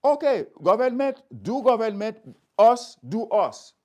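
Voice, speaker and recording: Speaking straight to his viewers in an impassioned address, a Haitian community speaker stresses his points through repeated phrases. His very high voice is very animated yet unhurried, with a dark tone.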